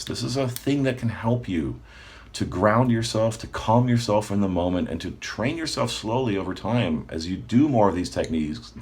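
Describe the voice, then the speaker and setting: A deep-voiced man, a manifestation coach, talks casually to the camera in a relaxed, conversational coaching style. He checks in often with "right?" and laughs frequently.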